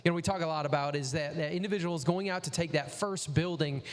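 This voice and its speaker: A man's voice: fairly high pitch, fast, long reverb tail. A man hosting a casual interview, giving advice and acting out short quoted exchanges. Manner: advisory, acts out quoted dialogue. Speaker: host.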